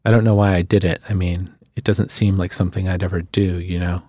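A man reading a literary short story aloud in a measured storytelling manner, on a studio microphone. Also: low-pitched, little pitch movement, dark tone, no echo. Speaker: guest reader.

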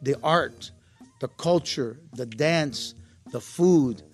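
A man, an actor guest, telling relaxed stories in casual interview talk, slipping in Spanish words. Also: medium pitch, slow, soft background music. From United States. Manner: relaxed storytelling, mixes English and Spanish words.

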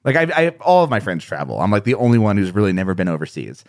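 A man's voice: low voice, big pitch swings, rapid-fire, a little mellow, no room sound, studio quality. Rambling man, a guest. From United States. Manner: rambling, self-deprecating, laughs at himself. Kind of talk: conversational interview.

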